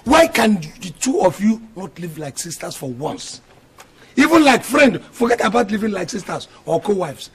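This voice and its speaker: A man's voice: high-pitched, big pitch swings, normal speed, faint music behind. An actor with a Nigerian accent playing an exasperated husband scolding his two quarrelling wives, in a lecturing film-drama delivery. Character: stern polygamous husband, middle-aged, exasperated.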